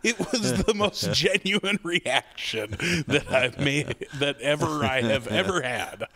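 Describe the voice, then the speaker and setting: A man's voice: a little high, animated, slow pace, pushed and bright. A man co-hosting a podcast, from the American Midwest, telling a story in casual chat, swearing freely and acting out the voices he quotes. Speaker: podcast co-host.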